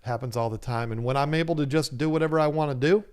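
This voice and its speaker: A man's voice: medium pitch, racing, darkish tone, clean tone. A man hosting a casual livestream, reading viewers' chat comments aloud and joking with them, laughing often. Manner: laughs often and talks animatedly. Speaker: livestream host of an aquarium channel.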